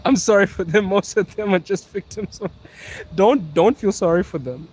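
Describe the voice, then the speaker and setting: A man's voice: high voice, normal speed, a little mellow, slightly rough, rough recording. A young man hosting a casual live stream outdoors on a city street, talking into a phone at arm's length, reading viewer comments aloud in a laid-back, playful way and laughing often. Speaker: livestream host. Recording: street traffic noise behind.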